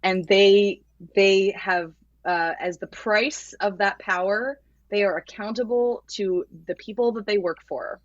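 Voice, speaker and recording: A woman appears as a guest on a podcast, a voting-rights activist chatting casually in an earnest way that wanders a bit, with plenty of fillers while she collects her thoughts. Her medium-pitched voice moves a little slowly with fairly even intonation. The lo-fi recording sounds dull and dry, with no room sound.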